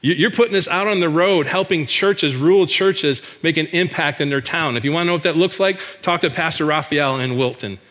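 A man's voice: on the high side, fairly quick, hardly any pauses, fairly bright tone. A man from Michigan, a missionary, telling a church congregation about his work in an enthusiastic, folksy way, often restarting his sentences. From Michigan, USA.

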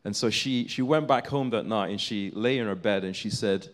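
A man with a lower-pitched voice delivers a sermon, telling a story with earnest, mounting emphasis. He speaks as a preacher to a congregation. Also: normal speed.

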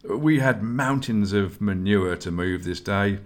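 A man's voice: on the low side, slow pace. A man voicing an easygoing, good-humoured young male novice. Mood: amused.

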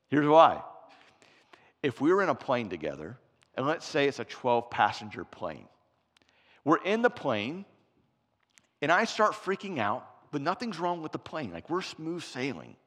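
A man preaching a sermon in a church, telling stories with big swings from quiet to shouting. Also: mid-range voice, sing-song, moderate pace. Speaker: pastor. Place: church sanctuary. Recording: preaching in a church hall with long reverb.

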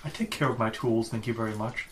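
A man's voice: mid-range voice, fast talker, a bit bright, a little hiss or hum. A man playing a tabletop game, speaking in character with a dry, joking manner. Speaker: player.

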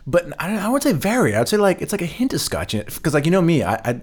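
A man's voice: a little high, very animated, quick pace, husky. An American man co-hosting a podcast in casual chat, talking with frequent stammers and restarts. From United States. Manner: chatty, stammers and restarts often. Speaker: podcast co-host.

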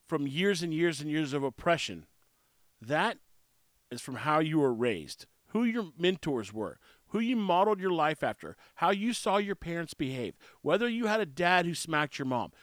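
A man's voice: high voice, a bit bright, no echo, studio quality. A man with stuffy sinuses who owns a barbecue restaurant, telling stories in a casual monologue and acting out both sides of conversations. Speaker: barbecue restaurant and brewery owner.

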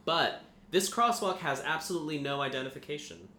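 A man's voice: a little high, a little fast, bright, forceful tone, echoey room, slight background noise. A young man co-hosting a podcast, chatting casually in a rambling, joking way with lots of swearing. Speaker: podcast co-host. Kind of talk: casual chat.

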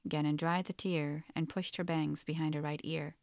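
A woman narrating a story in an audiobook, with a steady, measured reading. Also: sits low, dry recording, clean studio sound.

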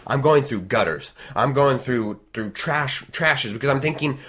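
A man telling a long personal story in casual chat, animated and rambling, with frequent restarts. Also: mid-range voice, moderate pace, hardly any pauses.

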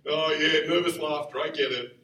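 A man preaching a sermon in a conversational, animated way, acting out the quotes he tells. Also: fairly high pitch, normal speed. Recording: roomy sound from far off the mic.

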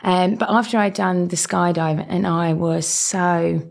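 Podcast guest: young woman, South East London accent, lowish voice, lively storyteller who laughs a lot. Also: a little slow, gravelly, hardly any pauses. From England. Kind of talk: casual chat.

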